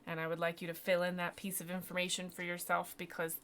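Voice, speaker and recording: Woman game master, bright tone, slightly low voice, rambling narration full of ums. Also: monotone, quick pace, a little hiss or hum. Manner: rambling, self-deprecating, many fillers and restarts.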